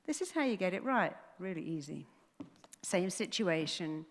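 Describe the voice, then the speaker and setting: A woman therapist giving a motivational talk to a live audience. She speaks in a lively way and acts out inner dialogues in changing voices. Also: on the low side, moderate pace. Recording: echoey hall with long reverb.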